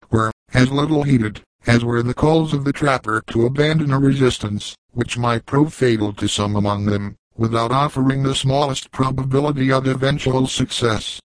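Male narrator, mid pitch, dry close recording, measured classic-novel reading. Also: no room sound, rough recording. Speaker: audiobook reader. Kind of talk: scripted narration.

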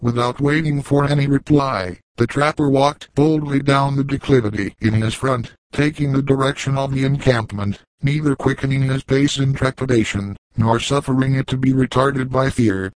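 Measured man reading an old novel. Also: mid-range voice, steady tone, dry recording, low-quality recording. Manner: measured, formal storytelling. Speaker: narrator. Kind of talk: audiobook narration.

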